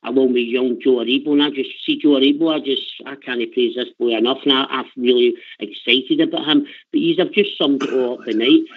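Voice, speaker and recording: A man's voice: mid-range voice, fairly even intonation, a little fast, few pauses. An older Scottish man calling in to a radio show, talking with emotional passion and repeating himself. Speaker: caller. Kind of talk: phone-in chat. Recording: tinny phone line.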